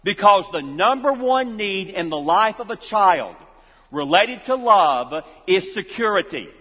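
A man's voice: sits high, animated, measured pace, breathy edge. A male pastor preaching a sermon emphatically, repeating key lines for effect. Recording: reverberant hall, dull lo-fi sound.

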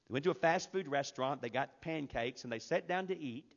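A man's voice: fairly high pitch, fairly quick, gravelly, lo-fi sound. Man preaching with emphatic swings. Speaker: pastor. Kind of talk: sermon.

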